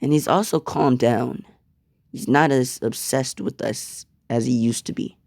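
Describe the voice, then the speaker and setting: A man's voice: mid-range voice, steady tone, a little slow, creaky, darkish tone, dry recording, clean studio sound. A man voicing a cocky, blunt teenage boy assassin in a fan-made storytime.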